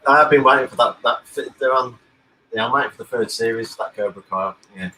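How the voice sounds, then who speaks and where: A man chatting casually on a group call, giving short relaxed remarks. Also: mid-range voice, a little fast, rough recording. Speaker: live chat participant. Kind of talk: casual chat.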